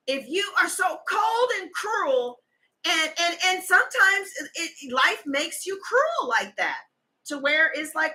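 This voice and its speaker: Bright-voiced woman in a heated, profane rant. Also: very high voice, very animated, unhurried, poor audio. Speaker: tarot reader. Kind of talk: casual monologue.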